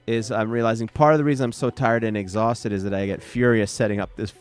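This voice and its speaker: A weary man with a low voice hosts a late-night solo podcast from his small home studio. He rambles, loses the thread and mocks himself. Faint music plays underneath. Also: fairly even intonation, fast, clean tone. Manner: scattered, self-deprecating ranting. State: tired and sleepy. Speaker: podcast host.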